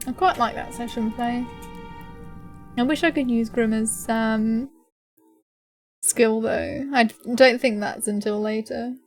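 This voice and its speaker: Woman game streamer, chatty and giggly, talking to chat over soft game music. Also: fairly high pitch, fairly even intonation, slow, long pauses. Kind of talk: casual live-stream chat.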